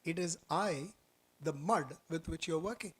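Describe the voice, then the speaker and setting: A man's voice: fairly high pitch, a bit bright, slightly rough. A man voicing wise talking clay. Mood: solemn. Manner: slow, grave pronouncements.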